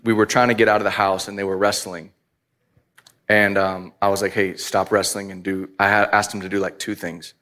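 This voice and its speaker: A man's voice: lowish voice, flat delivery, brisk, pushed and bright. A man who is a father of young boys, preaching a casual, conversational sermon full of asides and self-deprecating laughs. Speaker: pastor.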